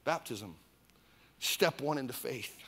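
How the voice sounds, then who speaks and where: A man from Iowa preaching a sermon as a pastor, animated, with mock voices and calls for the crowd to repeat. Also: mid-range voice, slow pace, noisy background. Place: church service.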